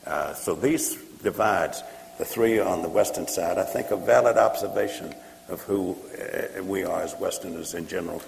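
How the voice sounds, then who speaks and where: A man giving a measured, point-by-point answer with many pauses and fillers, in a gravelly voice. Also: sits low. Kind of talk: lecture-style answer. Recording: echoey hall with faint noise.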